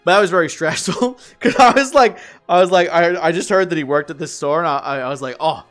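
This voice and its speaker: A man's voice: a little high, fast talker, a bit bright, soft background music. Rambling guy streaming. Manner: rambling, laughing often, casual swearing. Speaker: livestreamer. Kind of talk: casual livestream chat.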